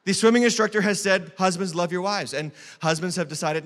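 A man preaching a sermon as lead pastor, emphatic and swinging between loud outbursts and hushed lines. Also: high voice, a little fast, few pauses. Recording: long hall reverb.

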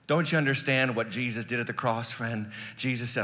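A middle-aged male pastor preaching a sermon, telling stories and building to loud, emphatic preaching. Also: medium pitch, fairly even intonation, fairly quick, hardly any pauses, long reverb tail.

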